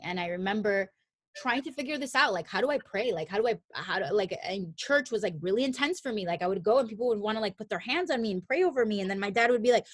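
A woman's voice: mid-range voice, no echo. Young woman, casual podcast guest, rambling storyteller who leans on "like", dry close sound. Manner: rambling, heavy use of "like", animated quoted voices.

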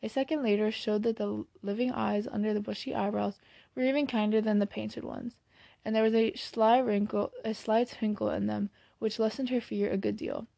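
A woman reading a classic novel aloud in plain, steady storybook narration, now and then correcting a slipped word. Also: medium pitch, moderate pace, vocal fry, dry recording. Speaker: audiobook reader.

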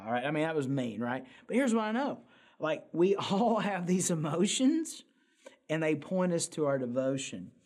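A man's voice: on the high side, a little mellow. A man, preaching a conversational sermon that mixes family stories with emphatic peaks. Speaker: pastor.

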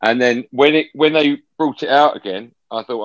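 A male football broadcaster chats casually as a guest over a remote call from a room at home, telling animated stories with lots of restarts. His mid-range voice is fairly quick. The recording is dry and lo-fi.

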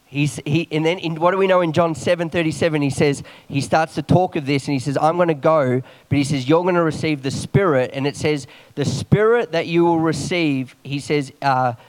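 A man preaching a morning sermon quickly, reading scripture aloud and adding quick asides and jokes. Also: on the high side.

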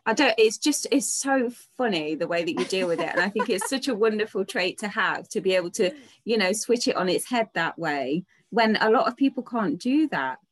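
A woman's voice: medium pitch, expressive, fairly quick. A woman hosting a casual interview, listening supportively and asking friendly questions. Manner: warm, supportive listener with frequent sympathetic interjections.

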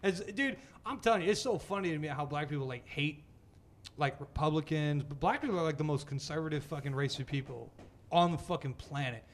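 A man's voice: a little high, brisk. A man in casual chat, telling stories full of swearing and laughter. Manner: profane, laughing storyteller.

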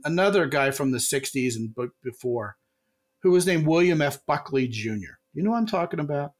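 Animated man telling stories on a podcast. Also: on the high side. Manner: animated storyteller, acts out quotes in a raised voice. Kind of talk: casual podcast chat.

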